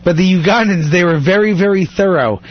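A man's voice: sits high, a little fast, lo-fi sound. A man telling stories in a casual chat, rambling and laughing often. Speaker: guest.

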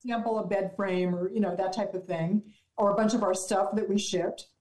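A woman's voice: mid-range voice, steady tone, brisk, darkish tone, echoey room, rough recording. A woman guest telling a long story in a casual radio chat, rambling with restarts. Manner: chatty storyteller, restarts and fillers.

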